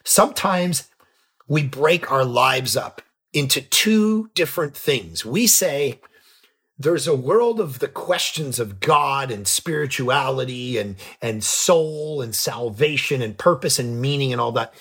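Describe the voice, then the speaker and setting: A middle-aged man, a pastor and author, telling a story as a podcast guest, lively and jumping in pitch when he acts out scenes. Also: unhurried, breathy edge. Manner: animated, jumps pitch when acting out scenes. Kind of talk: casual storytelling in an interview.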